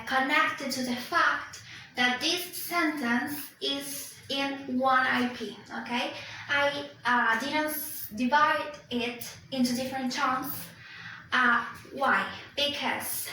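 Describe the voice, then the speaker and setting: A woman's voice: high-pitched, pushed and bright, slight background noise. A young woman whose first language is Spanish, giving a class presentation, explaining step by step with many fillers. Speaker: student presenter. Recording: echoey room, distant mic.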